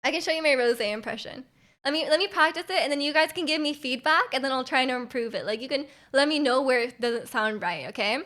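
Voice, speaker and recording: A young-sounding woman chatting on her stream, her voice a touch high. She rambles with fillers and frequent giggles. Her throat sounds slightly off. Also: fast, bright, forceful tone. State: throat feels off. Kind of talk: casual chat with viewers.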